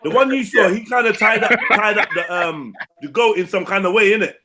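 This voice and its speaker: Young guy ranting crude jokes on a stream, high pitched, laughs a lot. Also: fairly quick, background noise. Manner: animated, swearing, laughing often. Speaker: stream co-host. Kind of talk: crude casual banter.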